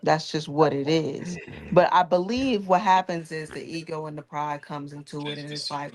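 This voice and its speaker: Steady woman laying down her view. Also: low voice, normal speed. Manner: firm, steady, lecturing. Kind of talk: live debate commentary.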